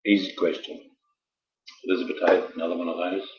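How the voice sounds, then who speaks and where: A man's voice: sits low, level tone, a little fast, a crowd in the background. A man casually hosting a quiz night, full of joking, rambling asides. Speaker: quiz host. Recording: roomy, dull lo-fi sound.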